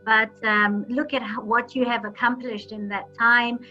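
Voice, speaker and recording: A woman hosts a video call in a bright, forceful voice that sits a little high, and she talks in a chatty, encouraging way. The audio is dull, with faint music behind her. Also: level tone, unhurried. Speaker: host. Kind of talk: online meeting hosting.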